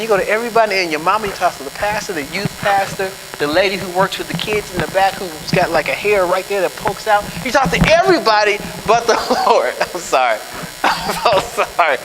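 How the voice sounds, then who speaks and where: Man, pastor, sermon, joking, animated, asks the crowd "right?", long hall reverb, faint noise. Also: sits high.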